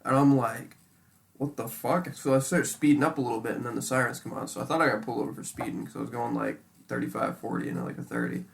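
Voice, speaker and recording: Casual male co-host, rough fry in the voice, animated and profane. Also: mid-range voice, quick pace, few pauses, a little hiss or hum. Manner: animated, heavy swearing, says "dude" a lot. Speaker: podcast co-host. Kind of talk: casual chat.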